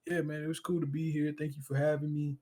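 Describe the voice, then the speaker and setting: A man's voice: fairly high pitch, level tone, quick pace, darkish tone. A male streamer appearing as a guest, speaking earnestly and reflectively in casual conversation, with frequent "you know" fillers.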